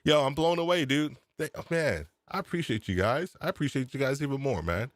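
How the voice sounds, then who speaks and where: A man hosting a live podcast chat, excitable and laughing, often repeating himself, speaking into a desk microphone. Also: mid-range voice, brisk, no room sound. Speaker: podcast host. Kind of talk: casual live-stream chat. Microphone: USB desk microphone.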